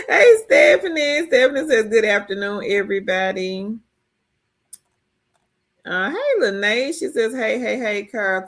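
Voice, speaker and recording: Woman, casual livestream chat, slow pace, greeting viewers. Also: fairly low pitch. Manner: warm greetings, reads viewer comments aloud. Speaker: livestream host reading chat. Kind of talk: casual live-stream chat.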